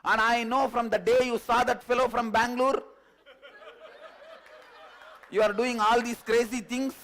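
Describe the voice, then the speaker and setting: A man playing a shrill scolding girlfriend. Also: flat delivery, fairly bright tone, full character voice. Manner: shrill rapid-fire scolding questions. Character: nagging angry young girlfriend on the phone.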